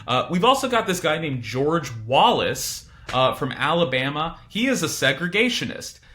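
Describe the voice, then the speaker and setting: A man's voice: a little high, very animated, moderate pace, sharp tone. A man teaching a casual recorded history lecture, informal and chatty with frequent asides.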